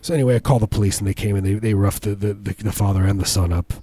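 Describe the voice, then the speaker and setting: A man co-hosting a casual comedic chat, telling rambling, absurd stories with lots of restarts and squeaky voices for the people he quotes. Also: steady tone, rapid-fire, mellow, breathy edge, dry recording.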